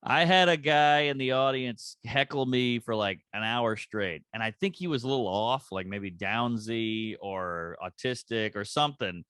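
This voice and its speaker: A man's voice: medium pitch, moderate pace, hardly any pauses, clear, resonant tone, no echo. A man, a comedian guest on a podcast, telling stories in casual chat and acting out the people he quotes in shifting voices. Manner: animated storyteller, acts out quotes in shifting voices. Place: comedy club green room.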